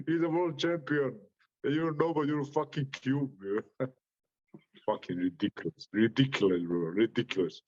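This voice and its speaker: A man's voice: medium pitch, normal speed, darkish tone, highs cut off. A man with a Croatian accent, a boxer giving an interview full of brash, profane trash talk and frequent laughs. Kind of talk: interview reaction.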